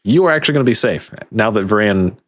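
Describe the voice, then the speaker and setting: Laid-back low-voiced male game master. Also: quick pace, dry recording. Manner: relaxed, affable rules explanations with fillers. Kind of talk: running a tabletop game online.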